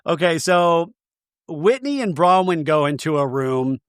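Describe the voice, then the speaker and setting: Giggly high-voiced man recapping TV. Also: a little slow, clean tone, dry recording, studio quality. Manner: animated and giggly, acting out quotes in funny voices. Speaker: podcast host. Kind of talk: comedic TV recap.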